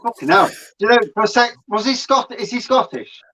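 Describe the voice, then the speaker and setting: A man's voice: extremely high pitch, expressive, brisk, fairly bright tone, poor audio. A man from Nottingham with a local English accent, a guest in a casual stream chat, swearing and laughing. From Nottingham, England.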